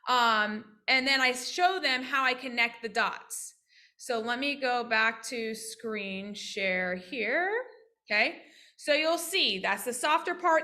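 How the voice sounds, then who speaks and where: A woman physical therapist teaching practice owners on a video call, lively and interactive, often asking questions. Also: high voice. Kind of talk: casual online teaching with role-played examples.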